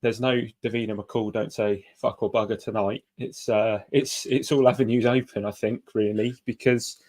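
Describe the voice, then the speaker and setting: Husky man, laughing chat. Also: fairly low pitch, steady tone, darkish tone. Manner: laughing, self-deprecating, halting. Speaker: podcast producer and co-host. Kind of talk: casual sports podcast chat.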